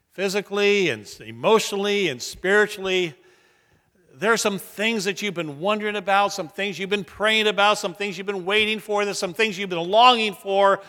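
A middle-aged man, a senior pastor, preaching a sermon in a church sanctuary and shifting between soft and emphatic delivery. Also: sits high. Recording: long hall reverb.

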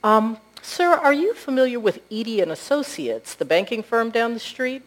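Preacher lady doing a soft-spoken kind rich woman, gentle and smiling. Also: on the high side, expressive, normal speed, pitched above the performer's own voice, natural voice. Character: kind, wealthy woman executive.

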